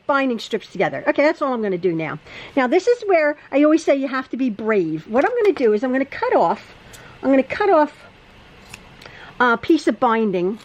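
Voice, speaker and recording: Chatty high-voiced woman teaching sewing. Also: a little mellow, dull audio. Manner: chatty, repeats herself, stammers and restarts. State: a little out of breath. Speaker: quilting teacher. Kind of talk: casual sewing tutorial. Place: home sewing room.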